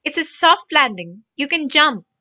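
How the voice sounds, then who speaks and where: A woman's voice: fairly high pitch, expressive, unhurried, sharp tone. A woman reading an audiobook, voicing a brave eleven-year-old boy wizard who speaks urgently and breathlessly when in danger. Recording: dry, dull lo-fi audio.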